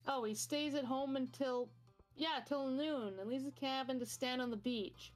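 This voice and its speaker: Woman, co-streamer, high voice, quick casual chatter, faint music. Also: fairly even intonation. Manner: quick, chatty, coos at cute moments. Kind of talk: casual gaming chat.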